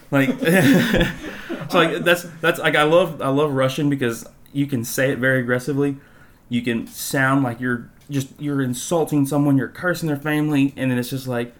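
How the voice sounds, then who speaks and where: Guy chatting w friends, animated, laughs a lot, normal pitch. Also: brisk. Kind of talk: casual group chat.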